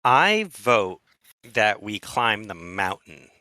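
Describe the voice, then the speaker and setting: A man co-hosting a podcast in casual chat, talking slowly and deliberately with hesitant restarts. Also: lowish voice, sing-song, bright, forceful tone, dry recording, studio quality. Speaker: podcast co-host.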